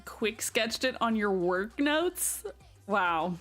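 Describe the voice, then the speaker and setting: A woman's voice: medium pitch, expressive, slow, faint music behind. Chatty Southern American woman streamer. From Southern United States. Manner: chatty and giggly, greets viewers brightly. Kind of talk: casual chat with live stream viewers while building.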